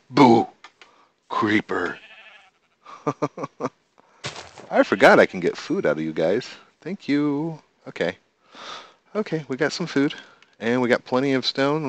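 A man casually commenting on his own gameplay, excitable and talking to the animals and monsters he meets. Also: mid-range voice. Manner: excitable, talks to the animals and mobs in the game. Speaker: gamer. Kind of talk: casual let's-play commentary. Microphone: desk microphone.

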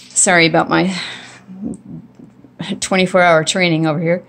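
A woman's voice: lowish voice, little pitch movement, moderate pace, vocal fry, pauses often, a bit bright, a little hiss or hum. A woman filming on a handheld phone in her home kitchen, casually showing dog training with a chatty, rambling delivery full of restarts and ums. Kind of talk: casual home video demonstration. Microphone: phone held in hand.

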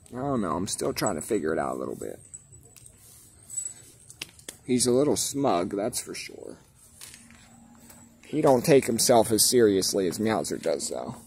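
A man's voice: fairly low pitch, vocal fry, slight background noise. A man filming his outdoor cats, talking to them in a laid-back, chatty, teasing way and explaining their habits. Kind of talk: casual vlog narration. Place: outdoors at home.

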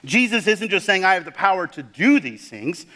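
A man pastor preaching a sermon with dramatic emphasis, leaning hard on key words and dropping to a hush on the weightiest ones. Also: sits high, big pitch swings, normal speed. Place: church sanctuary. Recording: long hall reverb.

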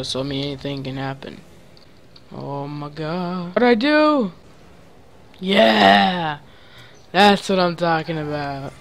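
A man giving excitable gaming commentary, trash-talking his teammates with sudden loud yelps. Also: on the high side, slight background noise. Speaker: gaming channel host.

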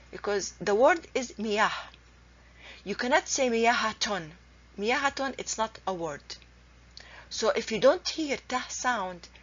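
A woman's voice: medium pitch, fairly bright tone, slightly rough. Woman teaching. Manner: patient, repeats examples slowly and carefully. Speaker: Arabic teacher. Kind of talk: explanatory language lesson. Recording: dull lo-fi recording.

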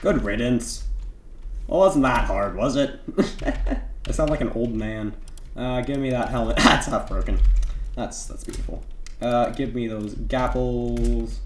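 A man's voice: medium pitch, steady tone, unhurried, a little hiss or hum. A young man giving playful gameplay commentary, muttering and trash talking as he plays. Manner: playful, mock-stern trash talk, turning to panicked yelling. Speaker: gaming YouTuber. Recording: roomy echo, keyboard typing behind.

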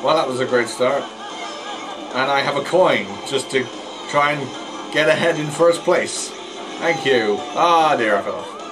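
A man's voice: mid-range voice, measured pace, poor audio. Jokey man commenting on gameplay over game music. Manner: jokey, self-mocking, stumbling over words. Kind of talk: casual let's play commentary.

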